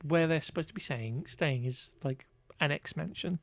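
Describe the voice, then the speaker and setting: A man's voice: a little high, moderate pace, creaky, dry recording. Wry man recapping a film, dry sound. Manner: wry, exasperated recapping with frequent fillers. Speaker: podcast co-host. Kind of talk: casual chat reviewing a film.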